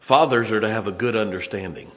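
A man preaching a sermon in a church, emphatic, swinging from loud to hushed. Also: on the low side, brisk.

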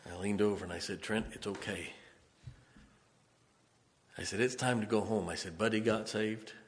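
Male pastor, low voice, storytelling sermon, echoing church hall. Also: moderate pace, a little hiss or hum. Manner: storytelling preacher, rises to emphatic exhortation. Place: church sanctuary.

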